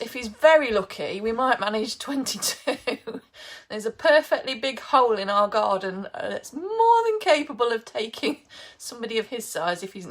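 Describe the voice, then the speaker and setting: A woman's voice: on the high side, fairly bright tone. A middle-aged woman from England chatting casually on a live baking stream, greeting viewers by name and laughing often.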